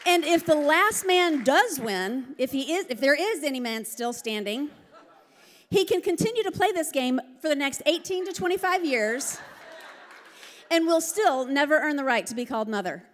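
A middle-aged woman preaching a lively, joking sermon. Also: sits high, moderate pace, a faint crowd. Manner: lively, joking, laughs often. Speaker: pastor. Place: large church hall. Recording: long hall reverb.

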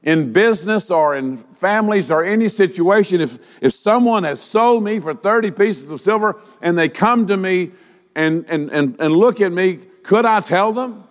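A male pastor delivering a sermon, asking rhetorical questions and using dramatic pauses. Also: high-pitched, animated, in a large hall.

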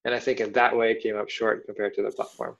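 A man co-hosting a podcast, chatting about films in a halting way, repeating words. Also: on the low side, little pitch movement, vocal fry, fairly bright tone, lo-fi sound. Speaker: podcast co-host. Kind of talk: casual film discussion.

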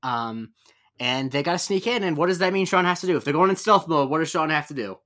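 A man's voice: fairly high pitch, expressive, fast, a bit bright. A man co-hosting a podcast, recapping a TV episode in casual, rambling chat full of fillers and self-corrections. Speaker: podcast co-host.

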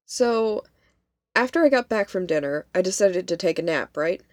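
A woman's voice: lowish voice, animated, normal speed, darkish tone, no echo, studio quality, lightly acted. A woman voicing a young female college student who is rattled and insistent. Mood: recounting. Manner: shaken, insistent.

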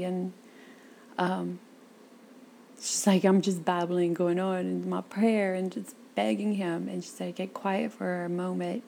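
Woman, interview guest, lively storyteller, quotes people in their voices, gravelly voice. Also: lowish voice, measured pace, a little hiss or hum. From south Louisiana.

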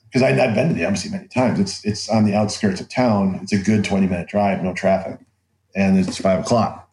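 A man telling a story as an interview guest, with lots of laughs, restarts and acted-out quotes. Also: lowish voice. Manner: animated, laughs often, acts out quotes with restarts. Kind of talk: casual anecdotal storytelling. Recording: roomy echo.

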